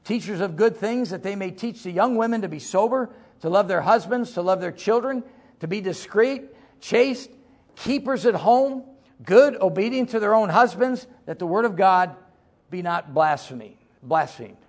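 Gravelly high-voiced preacher man. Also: expressive, moderate pace. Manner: folksy, joking, swings from loud to low asides. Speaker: pastor. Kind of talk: sermon.

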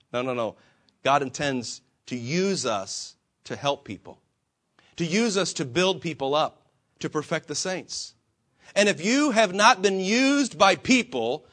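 Speaking to fellow believers, this male pastor delivers a sermon in a fairly high, slightly bright voice. He varies his emphasis, poses rhetorical questions, and performs the quoted words of both himself and the Lord.

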